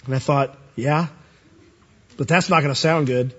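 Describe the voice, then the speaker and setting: A man preaching a sermon, animated and rising to high emphatic peaks as he quotes scripture. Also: normal speed, slightly rough, highs cut off.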